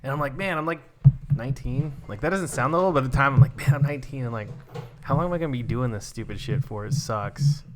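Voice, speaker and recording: A man's voice: medium pitch, lively intonation, fast, noisy background. A young man co-hosting a podcast, rambling through stories with lots of filler words. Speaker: podcast co-host. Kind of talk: casual chat.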